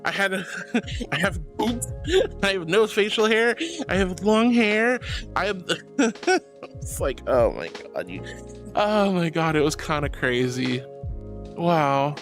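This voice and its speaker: A woman's voice: on the low side, animated, slow pace, pauses often, faint music behind. A young woman streamer chatting casually and reading out chat messages, bubbly, giggly and affectionate.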